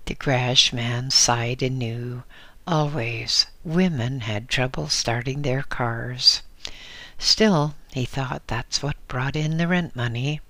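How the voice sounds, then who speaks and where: A man narrating a story in a measured, deliberate reading. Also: mid-range voice, a bit bright, no echo.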